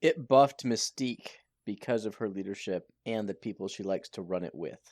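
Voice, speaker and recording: A man co-hosting a podcast, explaining game strategy in a measured way. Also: fairly low pitch, darkish tone, dry recording, studio quality. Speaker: podcast co-host.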